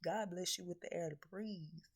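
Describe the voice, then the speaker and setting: Gravelly, low-voiced scolding woman preacher. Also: moderate pace. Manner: scolding, profane, confrontational; rhetorical questions. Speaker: spiritual reader. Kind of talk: blunt preaching message to viewers.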